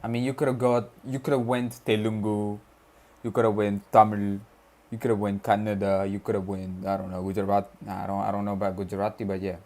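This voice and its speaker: A man's voice: fairly low pitch, flat delivery, darkish tone. A young man from Kerala, India, whose first language is Malayalam, chatting casually on a study livestream and reading chat messages aloud with slang. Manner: slow, laid-back, reads chat aloud with slang.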